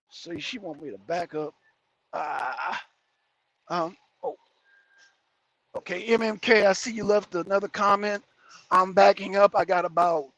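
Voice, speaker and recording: A trucker with a slightly bright voice that sits high chats casually on a livestream while driving, rambling, joking, and responding to viewer comments between remarks about the road. He's in the cab of a heavy truck, and there's no room sound.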